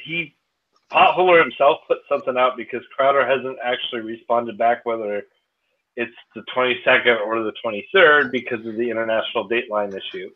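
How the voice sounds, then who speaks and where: A man's voice: mid-range voice, fairly quick. A man chatting offhandedly in a casual online talk. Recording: tinny phone-like line.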